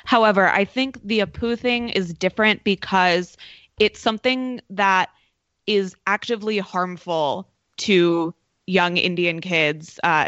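A woman's voice: mid-range voice, a bit bright, dry recording, dull audio. A woman in a casual podcast discussion, thinking aloud with many filler words and restarts. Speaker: podcast panelist.

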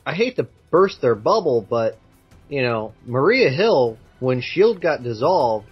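A man in casual podcast chat who speaks his mind and fills his sentences with "you know." His voice sits at an everyday medium pitch. The recording is somewhat dull and lo-fi, with faint music underneath. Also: big pitch swings, unhurried, slightly rough. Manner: opinionated, lots of "you know" fillers. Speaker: podcast co-host.

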